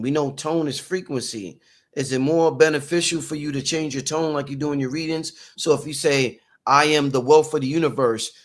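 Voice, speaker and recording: An energetic man hosts a live-streamed interview, his voice sitting a little high. He chats loosely with viewers, reading their comments and calling them y'all. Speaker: host.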